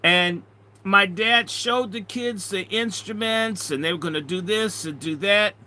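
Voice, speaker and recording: A middle-aged man, a minister, telling a story in an animated way, swinging between loud and hushed. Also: sits high, a little slow. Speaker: minister and speaker. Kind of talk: storytelling talk.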